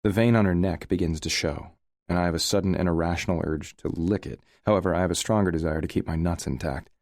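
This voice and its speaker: Audiobook narrator: man, very low voice, wry tone, dry close read. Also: fast, a little mellow, dry recording. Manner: wry, sardonic. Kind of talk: first-person audiobook narration.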